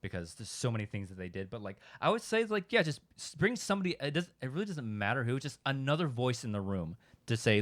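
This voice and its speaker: A man's voice: mid-range voice, very animated, fast, few pauses, fairly bright tone. Guy co-hosting a chatty fan show, rambly, lots of restarts and fillers. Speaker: podcast co-host. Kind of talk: casual chat.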